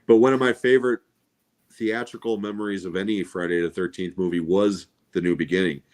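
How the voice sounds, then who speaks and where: A man's voice: low-pitched, fairly even intonation, a little fast, darkish tone. A middle-aged man co-hosting a movie podcast, chatting casually and telling stories with eager enthusiasm and frequent laughs. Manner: enthusiastic, reminiscing storyteller who laughs often. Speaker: podcast co-host. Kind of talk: casual chat about movies.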